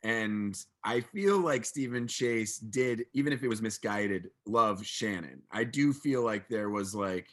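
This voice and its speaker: A man co-hosting a casual film podcast, talking haltingly and searching for words. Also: lowish voice, fairly bright tone. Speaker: podcast co-host.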